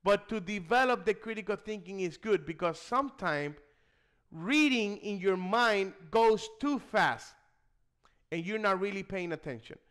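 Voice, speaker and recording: A man's voice: high voice, expressive, a little slow, fairly bright tone, clear, resonant tone. A man tutoring nursing exam students in a video lesson, stressing key points and checking in with "okay?". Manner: emphatic, checks in with the listener with "okay?".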